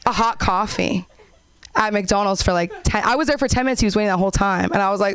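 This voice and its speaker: A young woman doing a stand-up comedy set and hosting an open mic, animated and acting out characters in high voices. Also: fast, smooth, dry recording. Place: comedy club stage.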